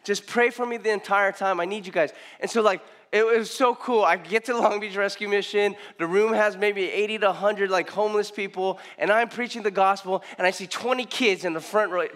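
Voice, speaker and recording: Middle-aged guy preaching, kinda high voice, repeats himself, gets loud and emotional. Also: moderate pace, hardly any pauses. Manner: emotional storytelling, repeats phrases, rises to loud emphasis. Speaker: pastor. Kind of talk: sermon.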